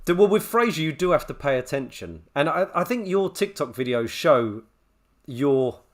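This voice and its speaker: A man's voice: fairly high pitch, animated, normal speed. A man co-hosting a casual podcast chat, laughing often and reading out listener comments. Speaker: podcast co-host.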